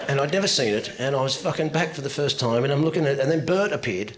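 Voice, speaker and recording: A man performs stand-up in a gravelly, animated voice, lurching between grumbling asides and loud, profane rants. The live recording is noisy, with audience laughter breaking through. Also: quick pace, hardly any pauses. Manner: profane, ranting, swings from low mutter to loud outburst. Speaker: stand-up comedian. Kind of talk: stand-up routine. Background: crowd laughter.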